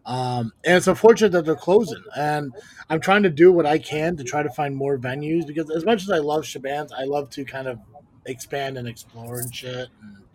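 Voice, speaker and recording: Male podcast host, slightly high voice, casual joking delivery, often sounds exasperated. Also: moderate pace, a little mellow. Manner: joking, exasperated, mutters "Jesus". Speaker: podcast host and wrestling commentator. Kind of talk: casual live-stream chat.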